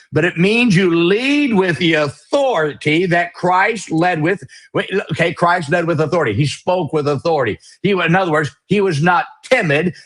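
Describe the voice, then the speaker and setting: A middle-aged male pastor preaches in a forceful, emphatic way, tossing in folksy, mocking asides. His voice sits somewhat high and has a husky edge. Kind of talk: preaching a sermon on leadership.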